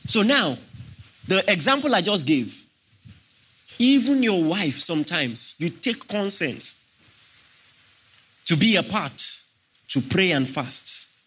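A man's voice: sits high, sing-song, slow, long pauses, sharp tone, slightly rough. A man preaching a sermon, emphatic and questioning his congregation as he teaches. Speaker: pastor.

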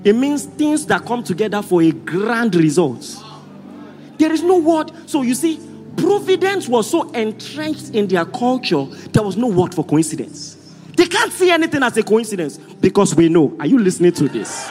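A man with a Nigerian accent preaching a sermon as pastor, leading the congregation in loud call-and-response. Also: high voice, very animated, moderate pace. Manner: rousing call-and-response, often shouting to the congregation. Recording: hall reverb with faint music.

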